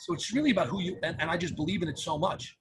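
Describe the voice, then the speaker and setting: High-voiced energetic man. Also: very fast, music in the background, rough recording. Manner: energetic, restarts often, acts out caller dialogue. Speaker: podcast guest, phone number company founder. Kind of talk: casual interview talk.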